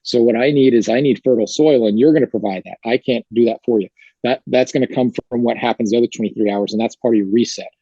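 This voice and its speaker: A man's voice: medium pitch, quick pace, mellow, breathy edge, no room sound, dull audio. A male fitness coach explaining his training approach in an interview, talking energetically with plain, repeated phrases. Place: gym.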